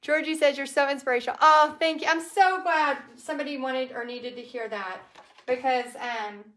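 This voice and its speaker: A woman's voice: high voice, normal speed, a bit bright, reverberant. A woman with a Texas accent chatting casually to livestream viewers while she paints, rambling and talking straight to them. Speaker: craft business teacher and livestream host.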